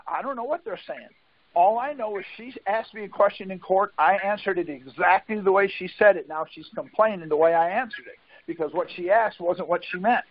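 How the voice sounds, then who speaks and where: A man's voice: high voice, no room sound, muffled recording. A man on a conference call giving a casual, folksy talk and often asking "see?" to check that his listener follows.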